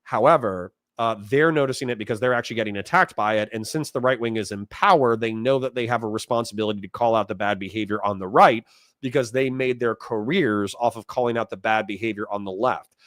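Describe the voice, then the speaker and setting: A man's voice: fairly low pitch, fast, a bit bright, no echo, clean studio sound. A man from Florida hosting a casual livestream, reading out chat donations and rambling bluntly in reply. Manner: rambling and blunt, reads chat messages aloud.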